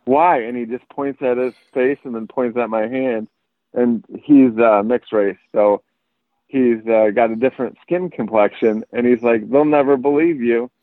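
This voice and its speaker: A man's voice: medium pitch, measured pace, dry recording. A man, chatting casually on a podcast. He tells stories animatedly, acting out every quote. His voice comes through a tinny, phone-like line that sounds dry. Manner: animated storyteller, acts out quotes. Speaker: podcast guest.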